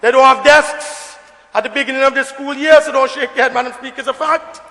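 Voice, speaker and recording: A very high-voiced man delivers a forceful, bright-toned parliamentary speech, hammering his points with repetition and bursts of shouting. His voice rings with the long reverb of a debating chamber. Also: fairly even intonation, brisk. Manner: emphatic, repetitive oratory, rising to shouts. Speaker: member of parliament.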